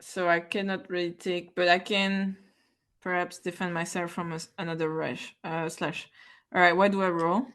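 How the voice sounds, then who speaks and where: A woman playing a tabletop game, talking in an animated, hesitant way and often exclaiming. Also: fairly low pitch, moderate pace. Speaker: player.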